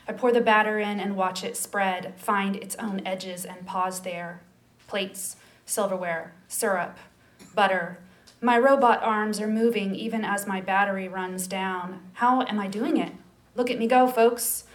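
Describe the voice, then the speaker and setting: A woman performing a personal story in a soft, lyrical, reflective way. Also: medium pitch, fairly even intonation, unhurried, poor audio.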